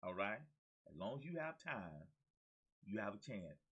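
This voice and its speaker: A man's voice: lowish voice, sing-song, unhurried, fairly bright tone, slightly rough, lo-fi sound. A man, hosting his own show as a motivational coach. He talks with exuberant energy, repeats his key phrases and calls out to his listeners like a preacher. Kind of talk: energetic motivational talk to camera.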